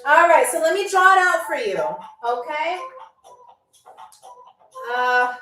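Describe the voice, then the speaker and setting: A woman hosting a live game show playfully teases viewers and reads their comments aloud, repeating words and drawing them out. She speaks very high and slow with a sharp tone, on a distant, slightly off-mic recording with a little hiss or hum, faint music, and room echo.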